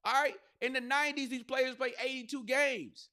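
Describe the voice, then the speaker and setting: A male podcast host and comedian delivering a loose, profane, riffing monologue, jumping into quick voices and asides. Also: extremely high pitch, fairly even intonation, sharp tone.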